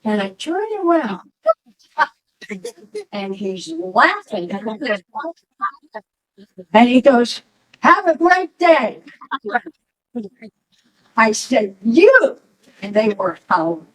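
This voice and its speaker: Middle-aged mom sharing a story at a memorial, slow and halting, a bit husky. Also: female voice, medium pitch, poor audio. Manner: slow, halting, animated when quoting. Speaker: mother of the deceased. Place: memorial gathering.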